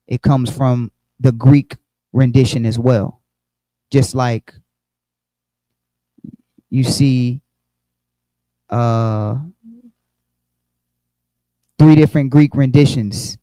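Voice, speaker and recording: A man's voice: mid-range voice, slow pace, long pauses, warm tone, no room sound, low-quality recording. A man teaching an online Bible study, explaining with frequent restarts and repeated words.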